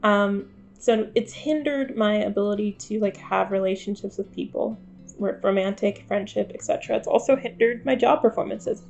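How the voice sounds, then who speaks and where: A woman's voice: mid-range voice, normal speed, gravelly, a little mellow, muffled recording. A woman in her twenties talking candidly to camera in a vlog, wry and self-deprecating. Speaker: vlogger. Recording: faint guitar music behind.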